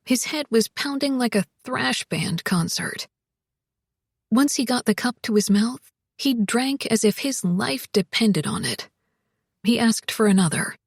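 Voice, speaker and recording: A woman reading an audiobook in a measured, even storytelling manner, close to the microphone. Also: on the high side, gravelly, no echo. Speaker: audiobook narrator. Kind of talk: scripted audiobook narration.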